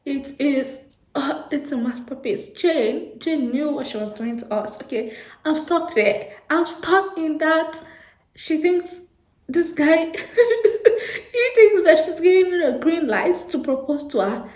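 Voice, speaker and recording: Young woman book vlogger, gushing and giggly, a bit high-voiced, roomy echo. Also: slow. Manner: gushing, animated, repeats herself, laughs often. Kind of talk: casual chat to camera. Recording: echoey room.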